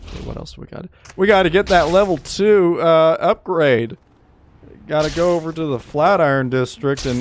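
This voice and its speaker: A man's voice: fairly high pitch, moderate pace, a little hiss or hum. A man casually commentating while streaming a video game, joking, sarcastic and rambling.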